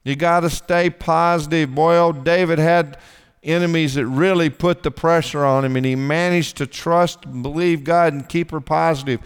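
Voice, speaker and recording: A man preaching a sermon in a folksy way, dropping to a hushed tone and then rising to emphatic passages. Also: a little high, fairly even intonation, normal speed, smooth. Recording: reverberant hall.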